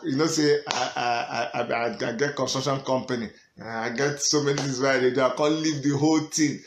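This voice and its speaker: Middle-aged Nigerian man, mid-range voice, emphatic vlog rant, Pidgin-English mix, echoey room. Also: mid-range voice. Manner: emphatic, switches between Pidgin and English, chuckles often. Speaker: political party member.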